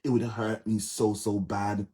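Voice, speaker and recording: A man's voice: lowish voice, little pitch movement, unhurried, dark tone. A man with a Jamaican accent, talking straight to viewers on a live stream, earnest and pleading and repeating himself often. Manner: earnest, pleading, heavy repetition. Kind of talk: casual live-stream monologue.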